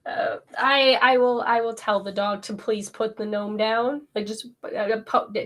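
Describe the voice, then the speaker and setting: A woman playing a tabletop game, speaking slowly with stammers and fond asides. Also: on the high side, fairly even intonation, a bit bright. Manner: slow, stammering, fond talk to the dogs. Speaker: player.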